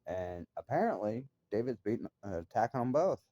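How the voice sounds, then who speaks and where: A man's voice: medium pitch, very animated, brisk, mellow, dry recording, highs cut off. A man talking straight to his viewers in a casual monologue, telling an upsetting story in an agitated, emphatic way with frequent swearing. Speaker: vlogger.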